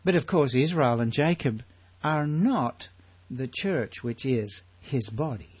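An older man with an Australian accent teaching the Bible in a sermon, full of rhetorical questions and drawn-out emphasis. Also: medium pitch, animated, a little mellow, slightly rough, no room sound, dull audio.

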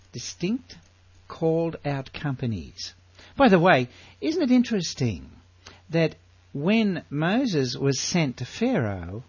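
Animated older Australian preacher. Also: male voice, on the high side, husky, no room sound, lo-fi sound. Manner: animated, rhetorical questions, drawn-out emphasis. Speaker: Bible teacher. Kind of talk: sermon.

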